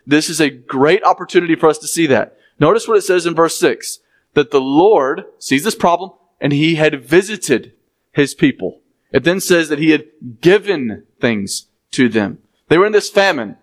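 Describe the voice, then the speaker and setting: A man's voice: fairly high pitch, animated, moderate pace. A man, preaching a sermon as he reads scripture aloud and explains it, with conversational asides to the congregation.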